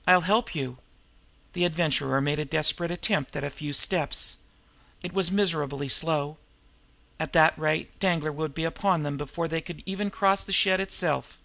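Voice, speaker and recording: Bright-voiced male audiobook narrator. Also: fairly high pitch, fairly even intonation, moderate pace, gravelly. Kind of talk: scripted narration.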